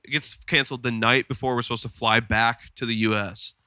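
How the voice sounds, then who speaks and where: A man's voice: medium pitch, steady tone, brisk, pushed and bright, clean tone, no echo. A man co-hosting a podcast in casual chat, rambling through stories with lots of fillers. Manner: rambling storyteller with many fillers. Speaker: podcast co-host. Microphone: studio podcast mic.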